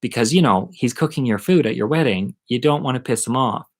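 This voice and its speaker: Man, middle-aged, casual storytelling, animated, self-mocking, at home. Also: mid-range voice, a little fast.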